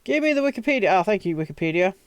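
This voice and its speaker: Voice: mid-range voice, sing-song, very fast, smooth, no room sound. A British streamer chatting casually on a live stream, rambling, swearing often and making self-mocking asides. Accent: British English. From Britain.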